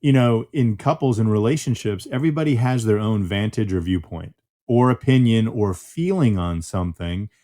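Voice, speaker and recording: A man's voice: fairly low pitch, normal speed, mellow. A man hosting a podcast, reflecting on what his guests said and summing up with "right?". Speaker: podcast host. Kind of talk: casual conversational reflection.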